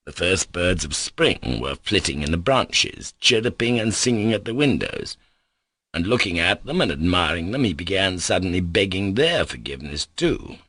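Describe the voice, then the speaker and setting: A man narrating an audiobook in a measured, slow and solemn way. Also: low voice, sing-song, fairly bright tone, no room sound.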